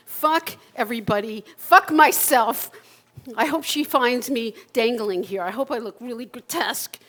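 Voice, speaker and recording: Performing live at a community center, a sixty-something woman delivers a one-person stage monologue about her own life. Her mid-range voice has a fairly bright tone, and the raw, emotional delivery breaks into halting repetitions and sudden swearing.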